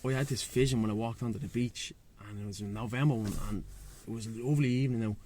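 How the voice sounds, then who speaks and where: A man with a Dublin Irish accent, talking as a guest in a loose chat outdoors by the sea. He is frank and fired up, full of slang and swearing. His pitch sits in an ordinary middle range. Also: fairly even intonation, quick pace, mellow. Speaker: guest, breathwork and sea-swim facilitator. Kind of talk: casual chat.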